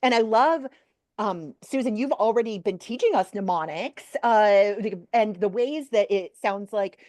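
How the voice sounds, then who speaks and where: A woman moderating a webinar, asking gentle questions in a friendly way. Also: mid-range voice, a little slow, dry recording, clean studio sound.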